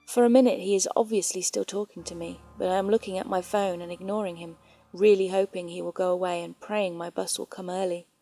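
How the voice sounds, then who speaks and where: Mellow woman reading scary stories. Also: lowish voice. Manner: calm, measured storytelling. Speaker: horror story narrator. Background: faint background music.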